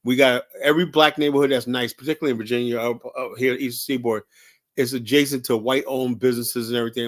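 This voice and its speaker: A man's voice: mid-range voice, a bit bright. A man hosting a livestream, rambling and heated, answering viewer chat with constant "you know" fillers. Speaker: livestream host. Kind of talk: casual live-stream commentary.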